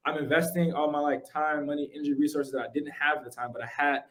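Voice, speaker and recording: A young man, a podcast guest, casually telling his story in animated, slangy speech full of "like" and "yo". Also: on the high side, quick pace.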